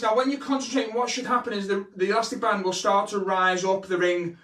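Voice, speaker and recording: A man's voice: sits high, steady tone, quick pace, noisy background. A man, a children's entertainer, teaching kids magic tricks in a bouncy, teasing live stream, filmed on a camera held by his wife. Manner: bouncy, exaggerated, playfully teasing the young audience. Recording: echoey room, voice from the camera's distance.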